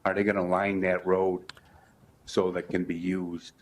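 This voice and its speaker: A man asks questions at a town meeting in a halting way, pausing on uhs. His voice is low and flat. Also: slight background noise. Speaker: resident. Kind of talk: public comment.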